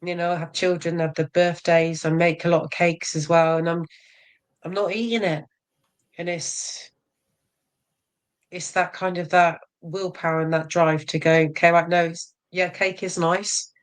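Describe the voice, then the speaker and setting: Woman in her 40s chatting about bodybuilding, frank, laughs a lot, slightly low voice. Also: little pitch movement, normal speed, smooth. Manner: frank, self-mocking, laughs often. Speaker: bodybuilder guest. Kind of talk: casual interview chat.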